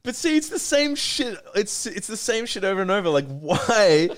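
A man co-hosting a podcast in casual chat, animated and swearing freely, acting out scenes in put-on voices. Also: high-pitched, normal speed. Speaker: podcast co-host.

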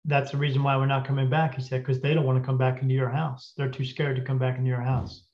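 A man telling a story casually as a podcast guest, acting out the dialogue and often clearing his throat. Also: medium pitch, fast talker. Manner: animated retelling with quoted dialogue. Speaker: guest spirit medium. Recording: dull lo-fi audio.

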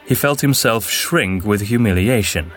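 A man with a fairly low voice tells a fantasy tale in a steady, measured way. Soft music plays faintly underneath the narration.

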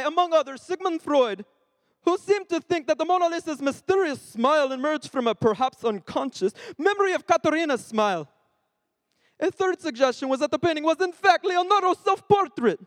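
A man's voice: very high-pitched, animated, normal speed, dry recording, big-room sound, pitched above the performer's own voice. A man reading a text aloud in a playful put-on Italian accent, stumbling now and then.

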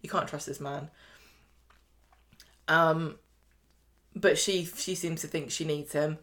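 Low and steady with a fairly bright tone, this woman takes her time. She's a podcast co-host casually recapping soap scenes, voicing the quoted dialogue in a chatty way.

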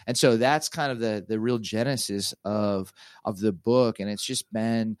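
A middle-aged man, a pastor and author, telling a story in a casual interview, talking in an animated, halting way with many fillers and restarts. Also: lowish voice, no echo, clean studio sound.

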